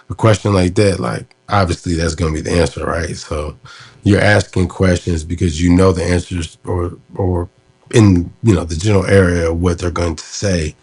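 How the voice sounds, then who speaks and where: Low husky-voiced man explaining casually. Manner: relaxed, explanatory, many fillers. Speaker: host looking back on an old interview. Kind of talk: casual commentary.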